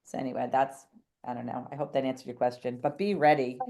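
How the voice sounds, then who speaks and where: A woman's voice: very deep voice, steady tone, quick pace, creaky, warm tone. A woman, a real estate agent telling a long story as a podcast guest, chatty and jumping between thoughts while acting out quoted dialogue. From New England. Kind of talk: animated storytelling in a podcast interview.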